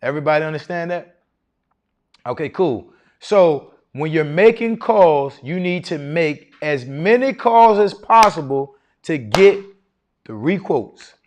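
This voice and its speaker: At a live seminar on contracting, a man speaks at a measured pace in a fairly high, expressive voice. His casual, confident teaching style leans on frequent rhetorical questions to the crowd.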